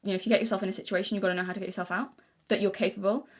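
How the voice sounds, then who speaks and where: A young woman talks to camera in an unscripted, rambling way, often restarting her sentences. Her voice sits at a middle pitch, and she sounds earnest, as if she is working her thoughts out while she speaks. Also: fairly even intonation, very fast. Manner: rambling, many restarts and self-corrections; earnest, thinking aloud. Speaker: vlogger. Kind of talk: casual unscripted talk to camera.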